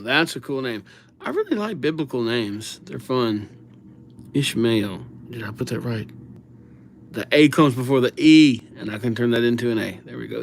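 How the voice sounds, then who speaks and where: Male livestream host, casual and easygoing, unhurried delivery, mid-range voice, chatting to viewers at a desk mic. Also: medium pitch, gravelly, slight background noise. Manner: easygoing, reads viewer names aloud while writing.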